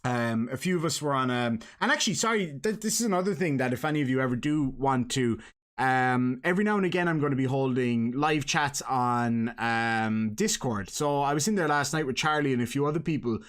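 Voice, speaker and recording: A man's voice: mid-range voice, a little fast, fairly bright tone. A man with an Irish accent hosting a casual live stream, chatting and joking with his guest and viewers.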